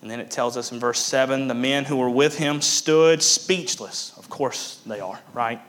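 Guy preaching a sermon, gets loud then drops real quiet, repeats stuff for emphasis. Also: medium pitch, normal speed. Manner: dynamic preaching, swinging from loud to hushed; emphatic repetition. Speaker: pastor.

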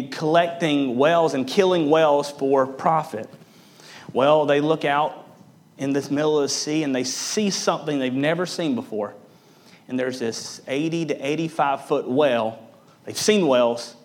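A man delivers a sermon in a fairly high voice. He builds up in emphasis and then sinks low and quiet to drive a point home. He often restarts and repeats words as he explains the text. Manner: preaching with rising emphasis, then dropping low for weight. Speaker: pastor.

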